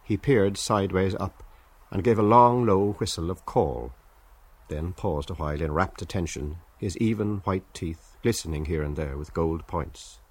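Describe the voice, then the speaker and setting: A man narrating a novel as an audiobook in a measured, stately way. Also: sits low, husky.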